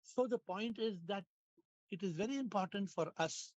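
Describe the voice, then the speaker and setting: Hoarse man leading a video-call class. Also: sits high, normal speed, a little mellow, no room sound, dull audio. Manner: playful, laughing, repeats phrases, asks questions. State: hoarse, lost his voice. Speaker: spiritual teacher hosting an online class. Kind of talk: casual spiritual class talk.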